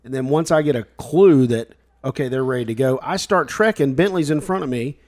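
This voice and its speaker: A man co-hosting a podcast, relaxed and chiming in with short asides as he recounts a family trip. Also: medium pitch, brisk. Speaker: podcast co-host. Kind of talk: casual chat.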